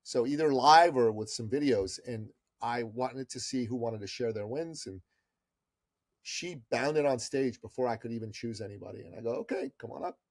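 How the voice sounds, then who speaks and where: Man, middle-aged, gravelly voice, dry close recording, persuasive interview storyteller. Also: mid-range voice, normal speed, no echo. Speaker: podcast guest.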